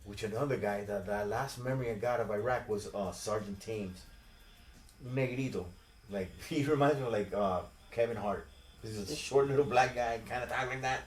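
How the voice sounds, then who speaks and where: A man in his forties, a podcast host, telling stories in casual, profane, animated chat. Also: lowish voice, normal speed, slight background noise. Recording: roomy echo.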